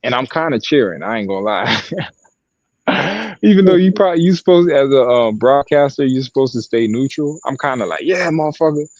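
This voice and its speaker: A man tells loose, profane stories in casual chat, his pitch leaping up and down as he acts out quotes. The sound is dry and close, with a slightly dull, muffled edge. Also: a little fast, no echo. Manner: profane, animated storytelling with acted quotes. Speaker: podcast co-host and sideline broadcaster.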